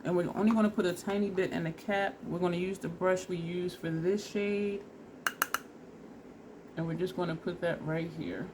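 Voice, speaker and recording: A beauty vlogger with a lowish, steady voice walks through a makeup try-on step by step at a normal pace, with background noise audible. She's chatty and casual, laughing at herself while teary and sniffly from allergies.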